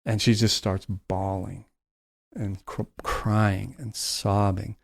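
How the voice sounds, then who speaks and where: A man telling a heartfelt story on a podcast, slowing and softening his voice at its emotional points. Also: fairly low pitch, flat delivery, vocal fry. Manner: slows down and softens for emotional moments.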